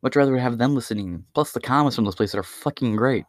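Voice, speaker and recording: A man's voice: mid-range voice, quick pace, no echo, clean studio sound. A man hosting his own podcast, delivering a crude, profane, rambling stand-up style rant. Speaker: podcast host.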